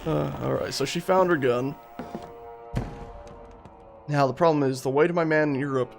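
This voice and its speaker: A young man giving rambling, excitable, profane commentary while streaming a game. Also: a little high, normal speed, vocal fry, long pauses, faint music behind. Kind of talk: casual let's-play commentary.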